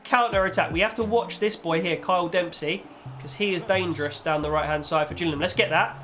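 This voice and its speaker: A young man commentating on his own football video game match, chatty with viewers and bursting into shouts when his team scores. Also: a little fast, soft background music. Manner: excitable, shouts and leaps in pitch on goals; chatty, talks to viewers as "guys" and "boys". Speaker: gaming YouTuber.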